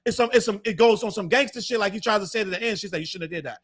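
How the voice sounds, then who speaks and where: A man hosting a podcast, making his case in casual chat, insistent and quick to cut in with repeated objections. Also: high voice, fairly bright tone. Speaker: podcast host.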